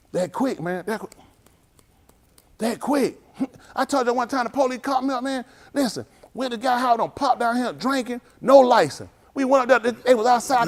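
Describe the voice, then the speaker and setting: A middle-aged man preaching on a livestream, telling street stories and acting out the dialogue while scolding his listeners. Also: sits high. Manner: animated storytelling, acts out dialogue, scolding the audience.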